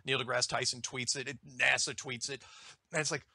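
A man ranting in an animated way on a talk show, repeating words and acting out quoted voices. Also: medium pitch, a little fast, dry recording.

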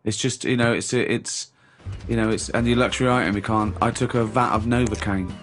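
A man in his forties teasing a co-host in casual chat, incredulous and quick to laugh. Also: fairly low pitch, steady tone.

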